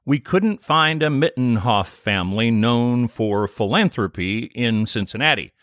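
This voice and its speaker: Brief: upbeat man co-host reading recap notes, animated pitch, dry close sound. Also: unhurried, dry recording. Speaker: podcast co-host. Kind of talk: scripted episode recap.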